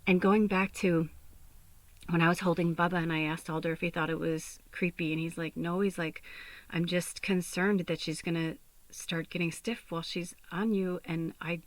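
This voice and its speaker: A young adult woman who hosts a podcast and works as a medium tells an emotional personal story, full of fillers, close to tears and often sinking to a whisper. Her voice is lowish with fairly even intonation and a moderate pace, recorded without echo.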